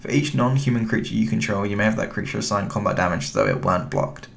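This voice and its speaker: Young british guy thinking out loud over a card game, lowish gravelly voice, laid back. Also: fast talker, slight background noise. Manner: relaxed, thinking aloud, chatty with the opponent. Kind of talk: casual gameplay commentary.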